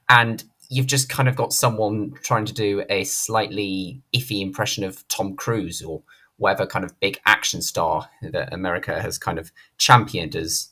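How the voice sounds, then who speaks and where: A man's voice: fairly low pitch, pushed and bright. A man hosting a commentary channel, giving a blunt, indignant opinion monologue and swearing freely. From Britain. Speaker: channel host, film commentator.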